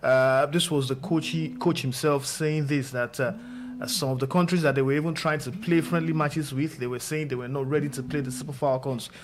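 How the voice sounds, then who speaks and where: A man's voice: a little high, steady tone, a little fast, noisy background. A man from Nigeria giving football commentary on a live watch-along, hesitant, with many filler sounds. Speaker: football pundit.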